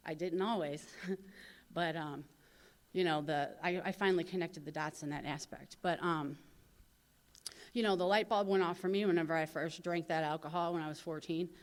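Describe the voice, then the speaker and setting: A woman in her thirties from St. Louis speaks at a recovery convention, telling her own story in a candid, lively way. Her voice sits a little low, and she keeps breaking into acted-out quotes, with plenty of fillers along the way. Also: moderate pace. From St. Louis, USA. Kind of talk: personal recovery story told to an audience.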